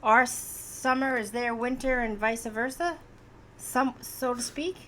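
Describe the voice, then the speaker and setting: Chatty higher-pitched woman podcast host. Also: takes it slowly, fairly bright tone, slight background noise. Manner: chatty, rambling, laughs often. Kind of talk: casual chat. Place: Hudson Valley, New York.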